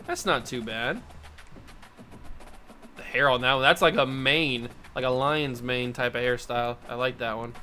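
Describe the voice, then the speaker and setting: A man from Ohio hosting a gaming channel, chatting casually and thinking out loud as he plays, amused at himself. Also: medium pitch. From Ohio, USA. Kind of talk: casual gameplay commentary.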